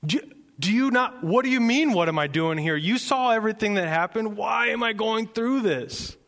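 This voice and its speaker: A self-pitying prophet, put on by a man, whines in a high, strained voice. The complaints come in a loud, exasperated rush. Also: lively intonation, moderate pace, in a large hall. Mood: whining.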